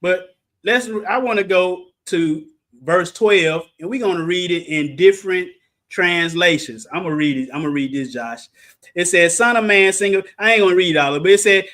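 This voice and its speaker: High, exuberant preaching man. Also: expressive, moderate pace. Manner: exuberant, with shouted exclamations and joking asides. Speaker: Bible teacher. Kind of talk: animated Bible study preaching.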